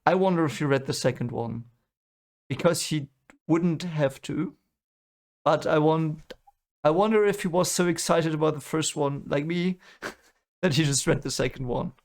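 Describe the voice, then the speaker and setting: A man's voice: on the high side, normal speed. A man hosting a movie reaction, rambling and correcting himself as he thinks aloud. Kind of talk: casual reaction commentary.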